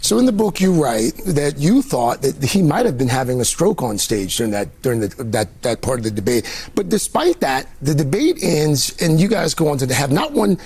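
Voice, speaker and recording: Male TV interviewer, probing, lively pitch with a husky edge. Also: moderate pace, hardly any pauses. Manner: probing, repeats words when starting. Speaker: television interviewer. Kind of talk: broadcast interview questioning.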